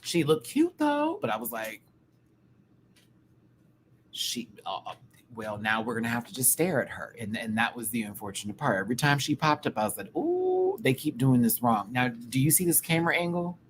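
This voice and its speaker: Animated campy man reviewing a show. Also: mid-range voice, normal speed, slight background noise. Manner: animated, campy, breaks into laughter and singing. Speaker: YouTube reviewer. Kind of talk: casual live review chat.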